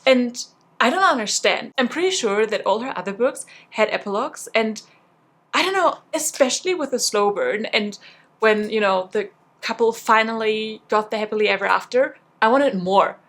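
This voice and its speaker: A woman's voice: fairly high pitch, expressive, moderate pace, a bit bright, roomy sound. A young woman vlogging casually about books she read, gushing and chatty with lots of fillers. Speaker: book vlogger. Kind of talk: casual reading vlog chat.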